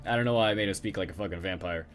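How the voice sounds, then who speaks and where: A man's voice: low-pitched, very fast, a bit bright, soft background music. A man hosting casual gameplay commentary, joking and offhand, with occasional cursing. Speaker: gaming channel host.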